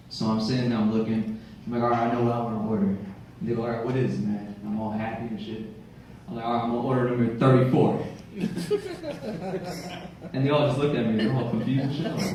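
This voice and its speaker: A man performing a stand-up routine, telling a story and acting out the quotes with sudden high-pitched outbursts. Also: fast, darkish tone, slight background noise. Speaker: stand-up comedian. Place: comedy club stage. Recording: echoey club sound from a far mic.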